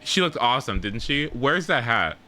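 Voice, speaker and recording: A man hosting a casual livestream chat, giggly and animated, breaking into high squealing laughter and exaggerated reactions. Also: normal speed. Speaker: livestream host.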